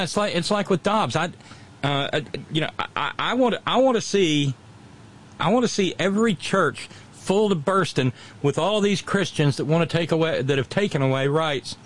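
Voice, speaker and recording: A man's voice: a little high, normal speed. A man with a Southern US accent hosting political talk radio, profane and repeating his words as he starts sentences. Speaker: radio talk show host.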